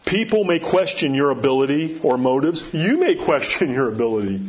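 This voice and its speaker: A man's voice: a little high, big pitch swings, moderate pace, a little hiss or hum. A man pastor preaching a sermon, emphatic and storytelling, repeating rhetorical questions. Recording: dull lo-fi recording.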